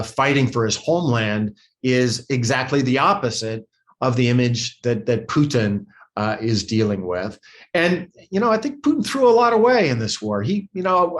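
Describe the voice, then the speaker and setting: Older American man, interview guest; earnest, conversational, restarts often, mid-range voice. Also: mid-range voice. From United States. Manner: earnest, repeats words, many "you know" and "uh" fillers. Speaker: former ambassador, interview guest.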